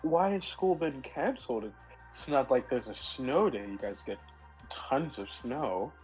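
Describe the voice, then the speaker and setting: A man's voice: mid-range voice, animated, measured pace, voice pushed up, natural voice. A man voicing a bossy, meddling old grandmother who talks in fussy, chatty bursts with dated slang. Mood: suspicious. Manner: chatty, fussing, out-of-touch slang. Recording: dull lo-fi audio with faint music.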